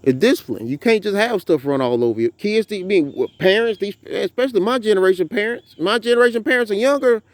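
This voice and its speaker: A man's voice: high voice, fast talker, hardly any pauses, no room sound. A man in his thirties with a Southern US accent, talking casually and animatedly to camera about his farm outdoors. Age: 30s. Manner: animated, preachy storytelling. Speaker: farm vlogger.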